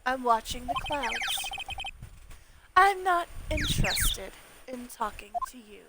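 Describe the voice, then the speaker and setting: A woman voicing a cold, haughty female film producer who talks slowly and dismissively, on a noisy home stream. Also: high-pitched, very animated, full character voice. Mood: disdainful. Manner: slow, icy, dismissive.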